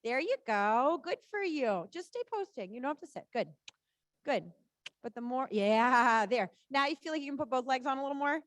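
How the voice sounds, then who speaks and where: High-voiced woman coaching a rider. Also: lively intonation, dry recording. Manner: encouraging, quick short cues. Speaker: riding instructor. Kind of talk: live coaching during a riding lesson. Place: indoor riding arena.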